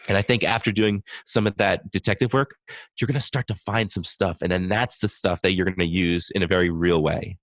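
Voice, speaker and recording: A man's voice: low voice, steady tone, fairly quick, a bit bright, no room sound. A man speaking as a guest on a podcast interview, an enthusiastic speech-language pathologist thinking aloud.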